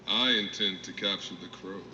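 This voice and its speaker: A man's voice: deep voice, fairly even intonation, moderate pace, noisy background, natural voice. A man playing a silky, taunting film villain. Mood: menacing. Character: sinister, scheming male villain. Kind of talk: film dialogue. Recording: roomy, dull film soundtrack.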